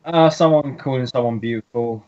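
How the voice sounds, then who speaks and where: A British woman co-hosting a live online chat, talking quickly and casually, stumbling over her words and swearing lightly. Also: a bass voice, darkish tone. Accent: British English. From Britain. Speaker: co-host. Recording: lo-fi online call audio.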